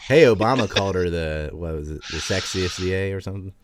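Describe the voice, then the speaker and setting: A man's voice: sits low, noisy background. A man in a casual political chat, making crude, mocking quips.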